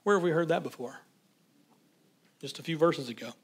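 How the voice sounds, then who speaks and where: A man preaching a sermon in a relaxed, conversational way, reading scripture aloud and stopping to comment on it. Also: fairly high pitch, moderate pace, husky. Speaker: pastor.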